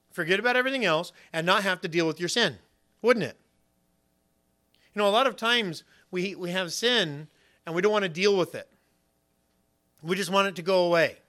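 A man preaching a sermon, retelling scripture with lively storytelling and acted-out voices. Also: sits high.

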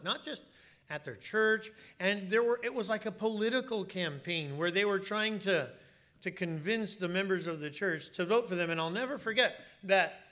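Male pastor, bright and forceful tone, fairly high voice, emphatic storytelling sermon in a church. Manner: emphatic, storytelling, repeats words for stress.

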